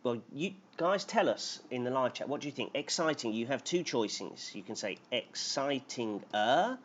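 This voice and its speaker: A man's voice: medium pitch, big pitch swings, moderate pace. A man teaching English grammar on a live stream, explaining patiently and reading out names from the chat. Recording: dull lo-fi stream audio with faint noise.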